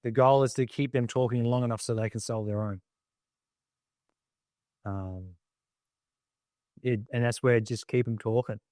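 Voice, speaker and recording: A man's voice: mid-range voice, fairly even intonation, measured pace, pauses often, warm tone, no room sound, studio quality. An Australian man talking as a podcast guest, earnest and reflective, with many loose fillers. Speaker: guest, army veteran. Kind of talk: casual podcast interview.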